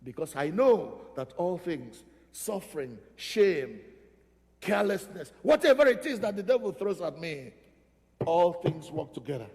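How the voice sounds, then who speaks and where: A male pastor preaches in a high, gravelly voice that swoops widely from phrase to phrase. He leans on repetition to drive each point home. His words ring out with the long reverb of a church hall. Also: sing-song, measured pace, a little mellow. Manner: emphatic, repeats phrases for stress. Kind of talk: sermon. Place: church sanctuary.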